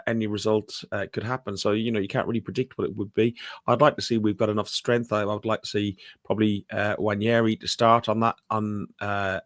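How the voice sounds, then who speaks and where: A man's voice: fairly low pitch, no room sound, studio quality. A man hosting a football podcast, talking hesitantly with many fillers and reading out viewer comments. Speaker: podcast host. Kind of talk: casual football chat.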